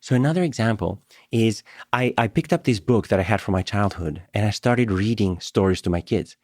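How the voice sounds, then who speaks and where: Animated man telling stories. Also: fairly low pitch, a little fast, dry recording, clean studio sound. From Greece. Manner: animated storyteller, laughs often, repeats words when starting. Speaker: guest, professor. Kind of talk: conversational podcast interview.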